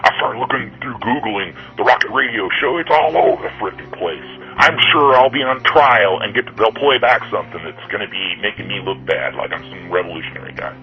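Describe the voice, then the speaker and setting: A man's voice: lowish voice, fairly quick, gravelly, hardly any pauses, muffled recording, music in the background. A man hosting his own show, ranting angrily and profanely in a rambling monologue. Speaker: podcast host.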